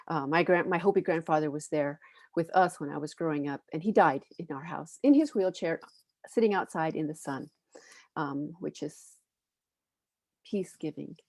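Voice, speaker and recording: A woman from the United States speaks on a panel about children's books, reflective and earnest, stopping now and then to find the right word. Her voice sits a bit low, and the sound is dry and close with no room echo. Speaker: panelist and educator.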